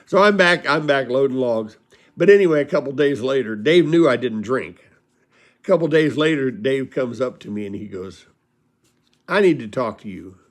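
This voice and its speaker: A man spins a long personal story in a folksy, meandering way. He restarts sentences and chuckles at his own jokes, in a voice of ordinary pitch. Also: lively intonation, normal speed. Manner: folksy, rambling, laughs at his own stories.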